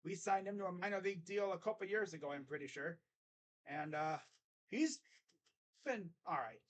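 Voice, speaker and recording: A young man doing live fan play-by-play, chatty and rambling, jumping to excited calls on each pitch. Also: normal speed.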